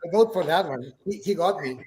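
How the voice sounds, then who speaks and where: A man's voice: fairly high pitch, lively intonation, fairly quick, a loud crowd. A man with a Mexican Spanish accent, playing along in a casual group quiz game, playful and laughing. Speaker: game participant.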